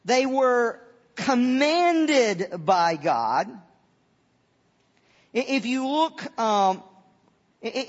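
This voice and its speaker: A man gives a sermon as a pastor in a church sanctuary. He speaks slowly, often halting and repeating words. The recording is dull, with a long reverb trailing off each phrase. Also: extremely high pitch, a bit bright.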